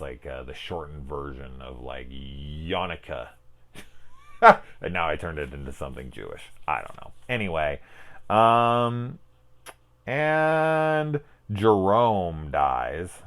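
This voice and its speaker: A man in his forties, a film reviewer giving a casual spoiler talk, tired and fighting off yawns late at night, rambling and swearing as he goes. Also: low voice. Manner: rambling, profane, self-interrupting. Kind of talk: casual one-take spoiler discussion.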